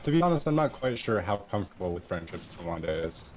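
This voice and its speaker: A man's voice: deep voice, big pitch swings, fast talker, a little mellow. A man co-commentating a live online tournament, laid-back with dry remarks, on a slightly noisy mic. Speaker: co-caster.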